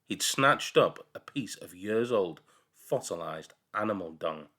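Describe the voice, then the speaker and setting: A man reading a children's novel aloud with expressive storytelling. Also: low voice, unhurried. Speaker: reader.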